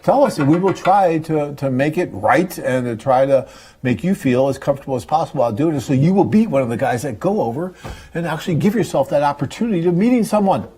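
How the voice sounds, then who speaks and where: A man's voice: on the high side, expressive, quick pace, mellow, slightly rough. A man, hosting a live webcast in an enthusiastic, rambling, chatty way. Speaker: host and company head. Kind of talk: casual live webcast talk.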